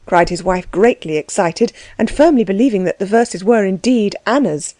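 A woman narrating a novel in a steady, measured reading. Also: medium pitch, no echo. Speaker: audiobook narrator. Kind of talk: scripted narration.

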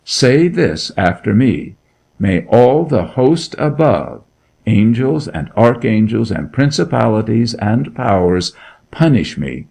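A man's voice: medium pitch, big pitch swings, slow, vocal fry, a little mellow, voice pushed up, full character voice. A man reading a story aloud, voicing a grim and menacing duke who interrogates with cold authority. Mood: solemn. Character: grim, menacing nobleman, a middle-aged duke.

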